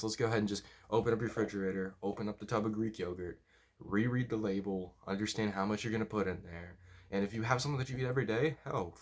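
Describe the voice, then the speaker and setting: Male powerlifting coach, lowish voice, blunt and profane, casual talking-head delivery.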